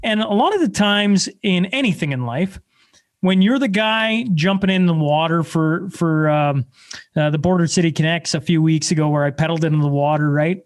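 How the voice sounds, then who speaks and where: A man in his thirties with a fairly high voice tells stories as a podcast guest. He talks bluntly and with plenty of energy, and he pokes fun at himself as he goes. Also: moderate pace. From Canada. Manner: energetic, blunt, self-deprecating storyteller. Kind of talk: casual conversation.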